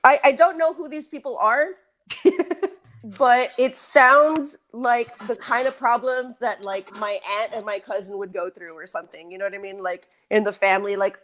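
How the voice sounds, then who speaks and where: Woman, comedian panelist, somewhat high voice, hesitant, self-deprecating, giggly. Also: normal speed, a bit bright, slight background noise. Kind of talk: casual panel chat.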